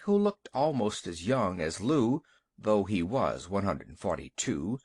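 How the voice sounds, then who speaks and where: A man narrating a short story for an audiobook in an expressive storytelling manner. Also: medium pitch.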